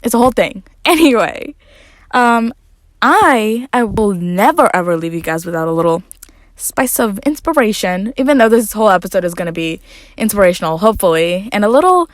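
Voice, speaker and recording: A woman hosting a podcast on her own, chatting in a loose, rambling way full of asides and fillers. She records from a closet at home, so her voice sounds close and dry. Her pitch sits in the middle for a woman. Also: lively intonation, brisk, dry recording. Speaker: podcast host. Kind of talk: casual solo podcast talk.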